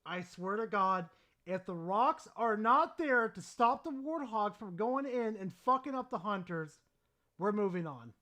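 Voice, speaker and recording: A streamer picking apart a game video with exasperated, profane complaints. The pitch swings widely, and the sound is dry and close with no room echo. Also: animated, a little slow, pushed and bright. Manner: exasperated, swearing, critical. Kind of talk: profane reaction commentary.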